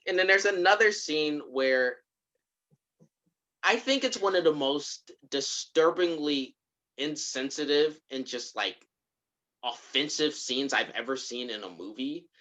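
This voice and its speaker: A podcast co-host in casual chat, retelling a movie scene by scene as an animated storyteller. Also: mid-range voice, a little slow. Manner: animated storyteller who acts out the characters' lines.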